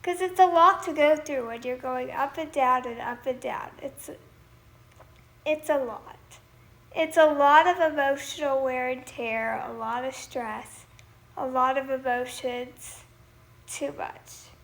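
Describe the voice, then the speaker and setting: A young woman with a high voice talks at an unhurried pace on a livestream. She chats casually about her song, thanks viewers for their comments and sometimes slips into singing a line. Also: fairly even intonation, fairly bright tone. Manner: chatty, reads viewer comments aloud and thanks them. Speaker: singer hosting a livestream.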